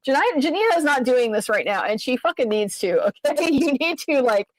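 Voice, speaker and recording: A woman lawyer talks through a court case in casual commentary, exasperated and swearing freely as she rambles. Her voice sits a little high, and the recording is dry and close with no room sound. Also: animated, fairly quick, hardly any pauses, no echo, rough recording.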